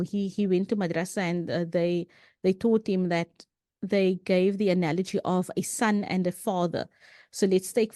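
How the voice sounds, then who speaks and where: Female podcast guest, mid-pitched and mellow, earnest and chatty, prone to restarts, recorded dry. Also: no room sound. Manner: earnest storytelling, frequent "you know" and restarts. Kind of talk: casual podcast conversation.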